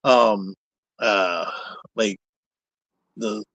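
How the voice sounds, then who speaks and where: A man's voice: fairly low pitch, drawn-out words, vocal fry, a bit bright, no echo, rough recording. A man being interviewed as a guest, speaking in a casual, rambling and candid way with some mild cussing. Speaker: guest, puppet builder. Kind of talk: casual chat.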